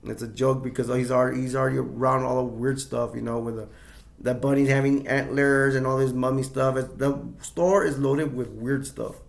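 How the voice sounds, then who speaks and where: A man's voice: medium pitch, steady tone, normal speed, gravelly. A man casually retelling a movie scene, rambling with many restarts and fillers. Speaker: movie reviewer.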